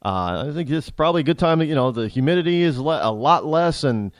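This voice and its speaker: A man's voice: fairly high pitch, animated, fast talker, dry recording. A middle-aged man hosting a talk show, telling an opinionated story bluntly, with frequent restarts. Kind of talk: storytelling monologue.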